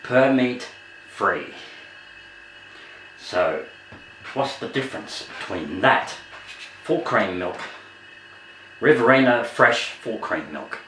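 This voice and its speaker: Rambling Australian man, slow and bright. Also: on the low side, animated, slight background noise. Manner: rambling, chuckles often, loses his thread. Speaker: vlogger. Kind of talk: casual chat to camera.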